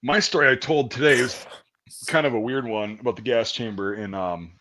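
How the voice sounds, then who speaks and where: Profane, animated storytelling man. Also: mid-range voice, moderate pace, slight background noise. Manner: profane, animated storyteller, acts out quoted voices. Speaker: podcast host. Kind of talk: casual chat, storytelling.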